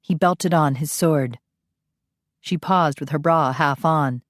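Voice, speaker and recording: A woman narrating an audiobook in a steady, measured way. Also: low-pitched, no echo, studio quality. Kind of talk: scripted narration.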